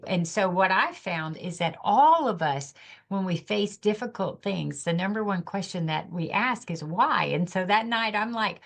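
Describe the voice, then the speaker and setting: A woman's voice: medium pitch, animated, unhurried, a bit bright. A middle-aged woman, a podcast guest, telling her personal story of loss in an earnest, emotional, reflective way.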